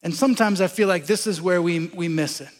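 A man's voice: high voice, a little fast, long reverb tail. A man preaching a sermon in a conversational way, asking the congregation questions as he explains scripture. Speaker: pastor.

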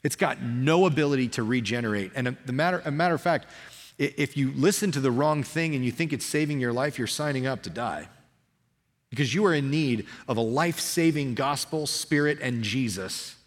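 A man's voice: medium pitch, fairly quick. Man preaching conversationally in a reverberant hall. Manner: energetic, conversational preaching with frequent restarts. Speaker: pastor. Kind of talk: sermon.

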